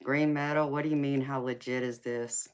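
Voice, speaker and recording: A woman's voice: rumbling low, fairly even intonation, moderate pace, clear, resonant tone. A woman with a Southern US accent, hosting a tarot reading live stream in a casual, folksy chat and calling her listeners baby, sweetheart and honey.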